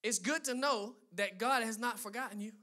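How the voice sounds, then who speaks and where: High, bright-voiced emphatic preacher man. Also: moderate pace. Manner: emphatic preaching with rising, driving lists; conversational asides to the congregation. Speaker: pastor. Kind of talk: sermon.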